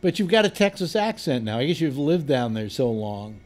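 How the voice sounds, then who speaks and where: A man's voice: medium pitch, sing-song, moderate pace, a little mellow. An older man hosting a live panel chat, talking casually and rambling with restarts. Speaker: host.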